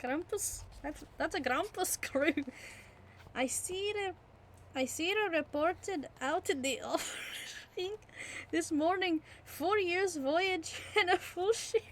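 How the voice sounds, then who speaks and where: Hearty male innkeeper, a woman putting on his voice, very high, loud, put-on accent, amateur storybook reading. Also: takes it slowly, a little hiss or hum, heavily acted. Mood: excited.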